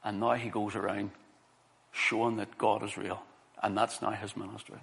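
Middle aged guy preaching, gravelly creaky voice, earnest, hits his words hard. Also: lowish voice, little pitch movement, moderate pace, fairly bright tone. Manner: earnest, building to emphatic stresses. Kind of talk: sermon with a personal story.

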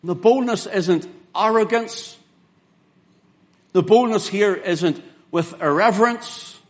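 A man delivers a sermon, earnest and emphatic, leaning hard on key words. His voice sits a little high for a man. He quotes scripture in old King James wording. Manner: earnest, emphatic preaching with slow spelled-out words and dramatic quoted lines. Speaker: preacher.

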